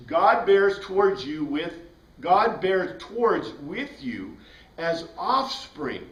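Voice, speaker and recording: High-voiced man teaching from across a room. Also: fairly bright tone. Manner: explains step by step, quizzing the class. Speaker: Bible class teacher. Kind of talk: classroom lecture. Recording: roomy sound from a distant mic.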